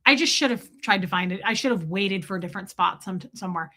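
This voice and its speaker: Bright-voiced woman streaming, chatty and blunt. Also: medium pitch, quick pace. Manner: chatty, blunt, swears freely. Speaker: live-stream host. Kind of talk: casual storytelling to a live chat. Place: at home.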